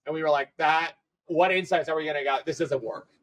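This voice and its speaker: A man, a tech company CEO, telling stories as a guest in a casual podcast interview, acting out quoted dialogue with quick, run-on phrasing. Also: on the high side, steady tone, fairly bright tone, slight background noise, low-quality recording. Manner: fast, run-on phrasing with restarts.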